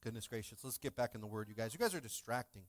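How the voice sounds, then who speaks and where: A man in his thirties preaching a sermon in a church, full of jokes and playful asides to the congregation, swinging between loud bursts and soft asides. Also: mid-range voice, expressive, fast talker. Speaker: pastor. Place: church sanctuary.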